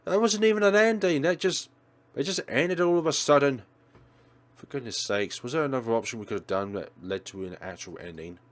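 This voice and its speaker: A man's voice: medium pitch, fairly quick. A man hosting a let's play and commenting on a horror game with exclamatory, dramatic reactions. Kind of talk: gameplay commentary.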